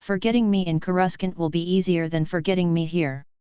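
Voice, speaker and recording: A woman voicing a bitter, half-mechanical boy who speaks in a flat, cold way in a storybook reading. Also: fairly low pitch, fairly quick, clear, resonant tone, no echo, natural voice. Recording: dull lo-fi dry.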